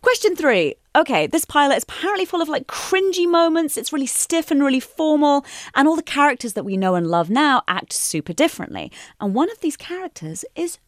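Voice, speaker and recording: Playful woman quiz host, very lively pitch, dry close sound. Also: a little fast, hardly any pauses, no room sound. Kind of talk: casual podcast quiz chat.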